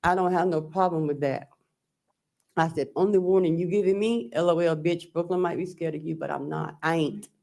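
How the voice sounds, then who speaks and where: A woman's voice: lowish voice, fairly even intonation, fairly quick, vocal fry, darkish tone. A woman on the witness stand in a courtroom, recounting text messages and quoting both sides. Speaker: defendant testifying. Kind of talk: courtroom testimony.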